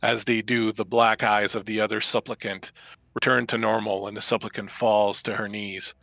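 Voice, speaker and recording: Guy running a tabletop game on a call, gravelly and kinda bright, tells it all dramatic. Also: fairly low pitch, level tone, moderate pace, dry recording. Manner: descriptive, dramatic storytelling. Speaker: game master. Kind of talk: narrating a tabletop game over a video call.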